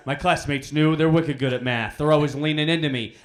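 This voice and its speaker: A young adult man doing a stand-up comedy set on a student show stage, deadpan with absurd one-liners and playful put-on voices. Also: a little high, a little fast, few pauses. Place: student show stage before a live audience.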